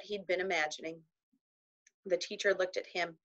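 Bright-voiced woman narrating a children's book. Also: on the low side, steady tone, lo-fi sound. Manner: measured storytelling with voiced characters. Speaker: audiobook reader.

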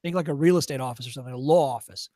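A man giving a workshop lecture, blunt and profane, coaching with tough love and acting out shopkeepers in quick voices. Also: medium pitch, warm tone, no echo, studio quality. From Chicago area. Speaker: workshop presenter.

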